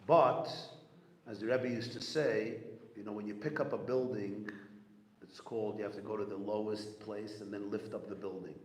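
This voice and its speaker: A man giving a storytelling talk to a gathering, animated and repetitive, acting out the people he quotes. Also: on the low side, moderate pace. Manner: animated storyteller, repeats phrases, acts out quotes. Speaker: rabbi speaking at a gathering. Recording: echoey hall with long reverb, faint room noise.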